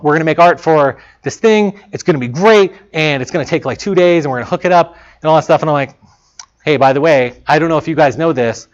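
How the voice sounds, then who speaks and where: A man giving an informal talk to students as a game developer, casual and chatty, often acting out his own past remarks. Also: on the high side. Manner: casual, chatty, quotes himself in lively asides. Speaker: guest speaker, game developer. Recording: dull lo-fi talk recording.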